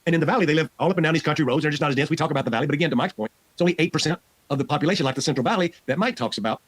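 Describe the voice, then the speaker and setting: A man's voice: fairly high pitch, rapid-fire, no room sound. A man hosting a political podcast, talking loosely and swearing casually as he runs through results. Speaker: podcast host.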